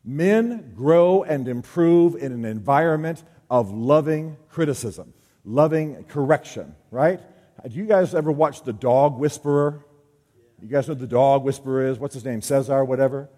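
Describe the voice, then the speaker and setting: A man addresses a room of men in a casual, joking way, slipping into the voices of people he quotes. His voice sits at an ordinary pitch. The sound rings with the long reverb of a large hall. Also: moderate pace, warm tone. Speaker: speaker at a men's gathering. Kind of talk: talk to a men's group.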